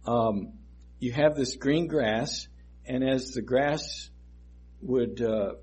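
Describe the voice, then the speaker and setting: Guy giving a sermon, kinda husky, takes his time, says things twice for emphasis. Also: medium pitch, a little mellow. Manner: slow, deliberate, repeats phrases for emphasis. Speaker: preacher. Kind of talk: sermon teaching on scripture.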